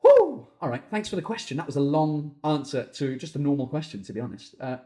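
A man's voice: on the high side, roomy sound. A comedian hosting a solo podcast, ranting and swearing as he answers listener questions, hot and sweaty in a small room. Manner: ranting, sweary, quick swings into shouting. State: overheated and sweating.

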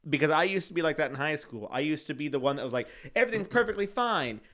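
A man's voice: fairly high pitch, rapid-fire, a bit bright. A man in his late twenties, co-hosting a casual chat, talking freely and laughing often as he mimics other people. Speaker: podcast co-host.

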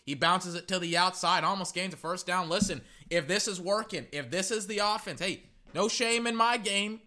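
As a fan calling a football game live, he chats casually and wanders, becoming excitable and going over the same points again. He has a high voice and a moderate pace.

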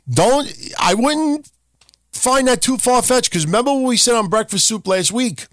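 A man's voice: sits high, lively intonation, normal speed, clear, resonant tone, no echo, studio quality. A man hosting a podcast, ranting casually and sarcastically with constant swearing and mocking impressions. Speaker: podcast host. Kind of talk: casual rant.

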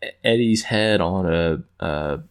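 A man's voice: deep voice, unhurried, clean tone. A man casually recapping an episode in a rambling, amused way with lots of fillers. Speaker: show recapper.

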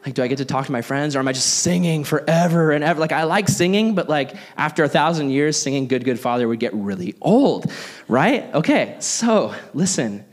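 A man's voice: a little high, lively intonation, fairly quick. A young man preaching a casual, conversational sermon, animatedly acting out the people in the passage. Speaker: pastor.

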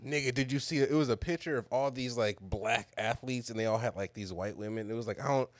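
A man's voice: mid-range voice, quick pace, no echo. A man, co-hosting a casual chat and telling rambling stories with lots of laughter. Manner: laughing, rambling, loose storytelling. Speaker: podcast co-host.

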